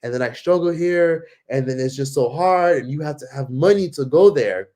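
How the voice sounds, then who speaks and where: Man putting on a high pleading young stranger. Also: moderate pace, dark tone, lightly acted. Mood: wistful. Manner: pleading, repetitive, reassuring. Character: young male street stranger, friendly, pleading, high-strung.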